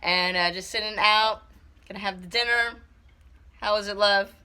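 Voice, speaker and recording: Here is a woman filming her own home cooking vlog. Her voice is bright and clear, and she rambles in a relaxed way with plenty of "um" and "so". She sounds chatty and easygoing throughout. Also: mid-range voice, moderate pace. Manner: chatty, easygoing, lots of fillers. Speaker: family vlogger. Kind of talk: casual cooking vlog chat. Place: home, partly outdoors.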